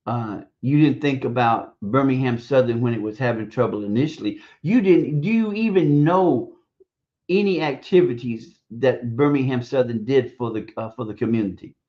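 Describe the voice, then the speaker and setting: A man in a mid-range voice delivers blunt, scornful radio commentary, cursing freely and pausing often as he gathers his thoughts. The stream audio is dull and lo-fi. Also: medium pitch. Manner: hesitant, halting delivery with drawn-out pauses. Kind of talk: opinion commentary.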